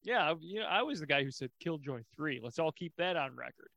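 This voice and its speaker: A man co-hosting a comedy podcast, delivering jokes in a dry, mock-formal, sarcastic way. His voice is high and bright. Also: animated, fairly quick, gravelly. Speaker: podcast co-host. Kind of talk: comedic casual chat.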